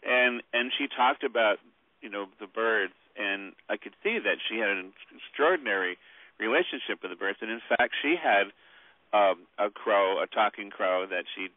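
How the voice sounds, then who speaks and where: Guy on a phone-in, lowish voice, rambly, lots of you knows, dry tinny line. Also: normal speed, no room sound. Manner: rambling, many "you know" fillers. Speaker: author guest. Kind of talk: phone interview storytelling.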